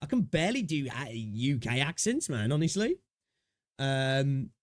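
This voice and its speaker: A man's voice: mid-range voice, big pitch swings, measured pace, no room sound, studio quality. A young British man hosting a gaming livestream, rambling and chatting with viewers, swearing freely. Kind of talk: casual livestream chat.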